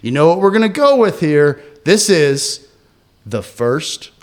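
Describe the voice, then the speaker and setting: A man's voice: high voice, very animated, normal speed. A man hosting a casual movie discussion podcast, joking and theatrical as he leads it. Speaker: podcast host.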